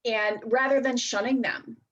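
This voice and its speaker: A woman in her thirties with a fairly high voice, speaking as a guest in an interview. She talks reflectively and chattily, often pausing on fillers before going on. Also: fairly even intonation, highs cut off. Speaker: guest, life coach. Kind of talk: casual interview chat.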